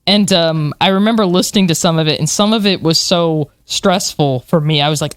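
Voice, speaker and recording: Animated podcast co-host, laughing storyteller. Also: medium pitch, a little fast, few pauses, clear, resonant tone, dry recording, clean studio sound. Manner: animated storyteller, many fillers, laughs while talking. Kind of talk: casual chat.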